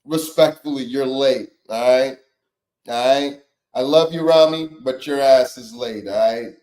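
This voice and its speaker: A young man hosting a casual livestream, chatting with viewers in slang, swearing freely, laughing often and letting out loud yelps. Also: mid-range voice, measured pace. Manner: laid-back, laughs a lot, slangy and profane, breaks into loud yelps. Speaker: livestream host.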